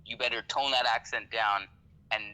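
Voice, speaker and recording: A man's voice: medium pitch, steady tone, moderate pace, sharp tone, smooth, poor audio. A man from Canada, a podcast guest talking casually, swearing freely and often checking "you know what I mean". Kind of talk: casual conversation.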